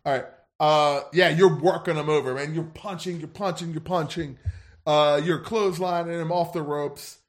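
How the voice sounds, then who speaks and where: A man's voice: fairly high pitch, fairly even intonation, moderate pace. A man running a tabletop wrestling game as game master, giggly and rambling.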